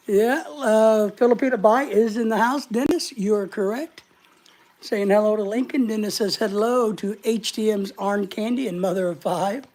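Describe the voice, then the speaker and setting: Host, female, short of breath, mellow voice, rambling chat that greets each viewer. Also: medium pitch, normal speed. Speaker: live-stream host. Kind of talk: casual live-stream chat.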